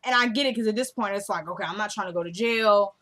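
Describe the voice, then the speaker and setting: A woman vlogger casually recapping a TV drama episode in a slangy, animated storytelling way. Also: mid-range voice, quick pace.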